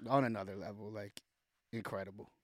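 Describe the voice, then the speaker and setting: A young man, a rapper guest on a podcast, telling stories in a loose, animated way, full of fillers and acted-out quotes. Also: mid-range voice, a little fast, dry recording, clean studio sound. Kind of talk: casual podcast storytelling.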